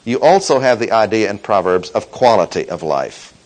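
A man delivers a Bible-teaching sermon with a measured, emphatic delivery. His pitch moves freely up and down as he leans on key words, slowing right down for stress. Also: lively intonation, low-quality recording. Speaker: preacher. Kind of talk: expository sermon.

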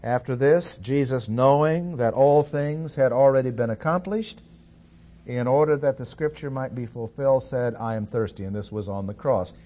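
A man giving a Bible study lecture, reading scripture in a measured, deliberate way with pauses. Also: mid-range voice, mellow. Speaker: Bible teacher.

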